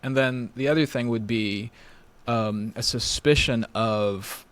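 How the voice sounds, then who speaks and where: A man's voice: mid-range voice, slow pace, fairly bright tone. A man as a podcast guest, explaining ideas in careful conversational talk with frequent fillers. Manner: explains carefully with many "you know" fillers. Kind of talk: conversational theological discussion.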